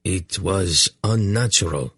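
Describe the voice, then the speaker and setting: A male audiobook narrator voicing a stern, cautious warrior and horse trainer with a gruff, warning manner. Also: deep voice, unhurried, no room sound, clean studio sound, exaggerated voice. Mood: baffled.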